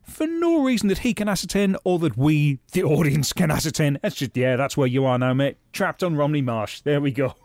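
A man's voice: fairly high pitch, expressive, a little fast, hardly any pauses, darkish tone, no room sound. A British man co-hosting a podcast, reviewing a TV episode in casual chat with dry, wry humour. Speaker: podcast co-host.

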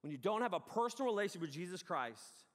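A man preaching an energetic, joking sermon from a stage, bursting into loud yells and poking fun at himself. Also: sits high, fast. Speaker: pastor. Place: large hall on a stage. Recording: long hall reverb.

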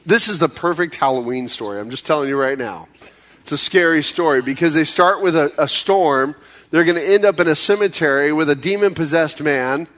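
A pastor preaching a sermon in a conversational way, acting out pleas in sudden high bursts and dropping low and slow for serious points. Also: male voice, fairly bright tone.

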